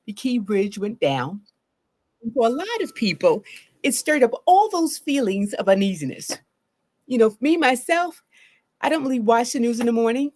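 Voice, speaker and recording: A middle-aged woman therapist speaks live to her viewers in a fairly high voice. Her pitch rises and falls widely as she explains, and she keeps checking in with a "right?". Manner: earnest, animated, often asks "right?". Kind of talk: live solo talk on trauma.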